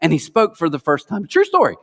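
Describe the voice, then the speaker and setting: A middle-aged American man preaching an Easter sermon, telling stories with lively acted-out quotes. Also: a little high, brisk. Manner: animated storytelling, acts out quoted voices. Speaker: pastor. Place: large church auditorium. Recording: long hall reverb.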